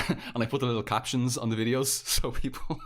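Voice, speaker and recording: A man's voice: medium pitch, flat delivery, brisk, a bit bright. An Irish man chatting casually on a podcast, rambling with many fillers and restarts. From Ireland. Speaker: podcast guest. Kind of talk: casual chat.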